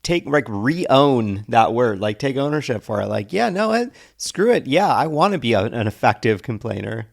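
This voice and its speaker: A man co-hosting a relationship podcast, talking in a relaxed, conversational way. He thinks out loud and often restarts his sentences as he works through an idea. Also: medium pitch, normal speed, creaky, few pauses. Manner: casual, thinks aloud with restarts. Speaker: podcast co-host. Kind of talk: relationship advice podcast chat.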